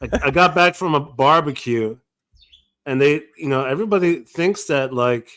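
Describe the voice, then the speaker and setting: A man's voice: on the high side, moderate pace, fairly bright tone. A man guest on a livestream, bantering and telling stories wryly. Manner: wry, teasing storyteller. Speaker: stream guest.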